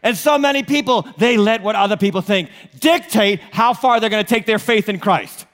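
High-voiced animated preacher in a hall. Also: male voice, moderate pace. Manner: animated, joking, asks the crowd questions. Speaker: lead pastor. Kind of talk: sermon.

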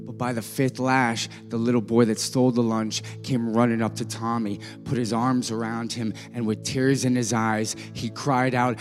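With a medium-pitched voice, flat delivery, and moderate pace, a male pastor earnestly relates an illustrative story during a sermon, lightly voicing the people in it. The recording carries music and long church hall reverb.

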